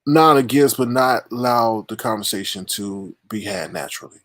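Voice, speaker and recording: A man hosts a casual livestream chat, bringing guests up with theatrical flair. His pitch swings widely. The sound is dry and close. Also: moderate pace, dry recording. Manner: animated, theatrical introductions. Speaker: livestream host.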